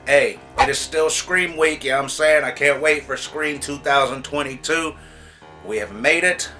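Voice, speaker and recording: With faint music playing behind him, a man hosts a laid-back movie review channel, his voice on the high side and sharp, at normal speed. He sounds exasperated and blunt, chatting freely and repeating "you know what I'm saying."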